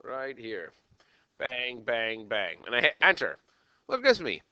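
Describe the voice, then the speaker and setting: A man teaching a math lesson as a teacher, animated and checking in with "okay" again and again. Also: mid-range voice, measured pace, dry recording, dull audio. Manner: animated, repeats "okay" often. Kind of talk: classroom lecture.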